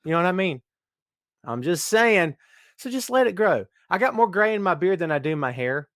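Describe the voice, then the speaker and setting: A middle-aged man with a fairly high voice hosts a live stream, bantering and shouting out his regular viewers. He is recorded dry and close, with no room sound around him. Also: sing-song, normal speed, no room sound. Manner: jokey, hyped, greeting viewers by name. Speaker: podcast host. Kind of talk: casual live-stream chat.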